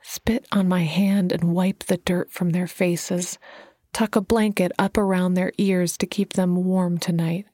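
A woman voicing a kind, gentle older woman who speaks softly. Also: lowish voice, steady tone, moderate pace, few pauses, no room sound, clean studio sound, natural voice. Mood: tender. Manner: soft, hushed.

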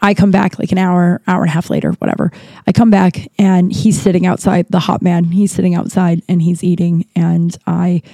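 A woman's voice: on the low side, flat delivery, moderate pace, creaky, warm tone, no echo. A woman hosting a podcast, telling a personal story in a casual, rambling way, full of fillers and restarts. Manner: candid, lightly profane. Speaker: podcast host.

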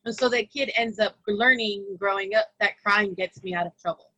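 A woman talks in a relaxed group podcast. She explains her views in an animated way and giggles along the way. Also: mid-range voice, moderate pace, no room sound, low-quality recording. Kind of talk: casual group podcast chat.

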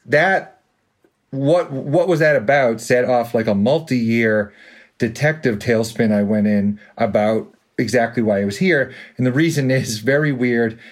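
A man's voice: mid-range voice, measured pace. A man with a light Boston accent telling a long story in a casual interview, with many fillers and restarts. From Boston area, USA. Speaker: author guest.

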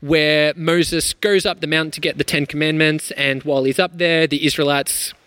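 A man hosting a church podcast, upbeat and quick to laugh as he introduces guests and questions. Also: on the high side, fairly even intonation, a bit bright, clear, resonant tone, dry recording. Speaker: podcast host.

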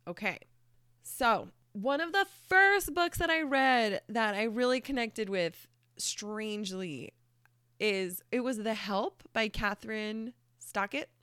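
A woman's voice: on the high side, slow, bright, forceful tone, clear, resonant tone, dry recording, clean studio sound. A woman in casual chat recommending books, chatty and earnest, swearing casually and filling her talk with "like". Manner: earnest, emotional. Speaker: book vlogger.

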